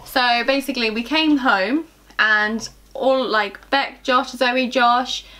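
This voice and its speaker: Bright, giggly young woman. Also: a little high, slow pace, a little hiss or hum. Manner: chatty, giggly, trails off with ums. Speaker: vlogger. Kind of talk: casual chat.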